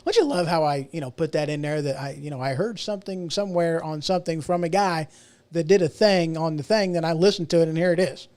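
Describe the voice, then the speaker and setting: Rambling high-voiced male podcast host. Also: fast talker, darkish tone. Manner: rambling, repeats words and restarts, self-mocking. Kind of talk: casual solo rant.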